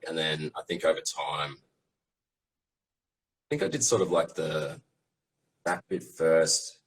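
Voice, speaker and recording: A man's voice: extremely low pitch, pushed and bright, rough recording. A man who is a guest toy maker, chatting casually in a live Q&A, rambling and hesitant with plenty of fillers.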